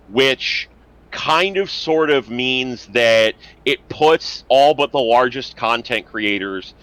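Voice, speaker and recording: A man co-hosting a casual online show, talking in long animated rants packed with swearing. His voice has a bright, forceful edge. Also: medium pitch, rough recording. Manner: heavy swearing, animated ranting. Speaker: podcast co-host. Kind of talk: casual chat.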